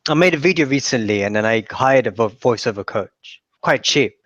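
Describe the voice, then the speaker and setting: A man's voice: medium pitch, lively intonation, normal speed, fairly bright tone, no room sound. A man, hosting a casual chat in a rambling way with frequent restarts. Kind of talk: casual conversation. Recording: dull lo-fi dry audio.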